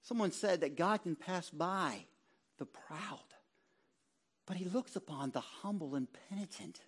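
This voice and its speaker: A high-pitched middle-aged man preaches a fervent sermon. His voice drops to a near hush on solemn phrases and swells into loud, ringing exhortation when he stresses the hope he preaches. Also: animated, a little slow, husky. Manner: impassioned, swinging from hushed low tones to loud exhortation. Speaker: ruling elder preaching.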